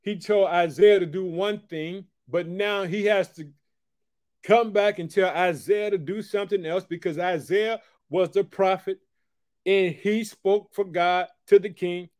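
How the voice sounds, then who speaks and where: A man preaching a sermon, reading scripture slowly and loudly, then dropping to quieter asides and repeated call-outs to the listener, and praying aloud for people. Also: high voice, steady tone, dry recording, clean studio sound.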